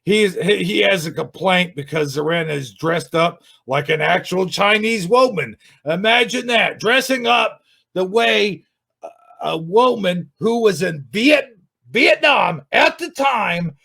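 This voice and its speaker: A man reviewing another YouTube channel in an angry, sarcastic rant, swearing and shouting often. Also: sits high, expressive, a little slow, creaky, breathy edge. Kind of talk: ranting video commentary.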